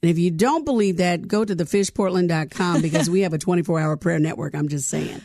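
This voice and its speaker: A woman's voice: lowish voice, fairly quick, dark tone, no echo, clean studio sound. A woman hosting a talk-show interview in a playful, joking way, laughing often.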